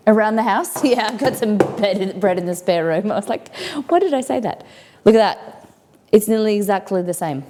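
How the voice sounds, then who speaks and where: An Australian-accented woman with a mid-range, darkish voice hosts a casual home-kitchen cooking livestream, with a little hiss or hum in the audio. Her chat rambles as she replies to viewers' comments.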